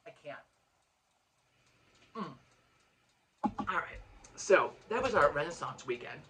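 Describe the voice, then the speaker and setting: A woman's voice: low-pitched, very animated, slow pace, noisy background. A woman co-hosting a podcast, telling a long story in casual chat, frank and swearing freely with many restarts. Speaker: podcast co-host.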